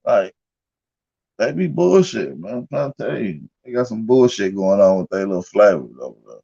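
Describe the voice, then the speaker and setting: A man's voice: fairly low pitch, sing-song, normal speed, creaky, warm tone, slightly rough. Profane laughing man, muffled stream audio. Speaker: livestream host. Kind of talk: casual livestream rant.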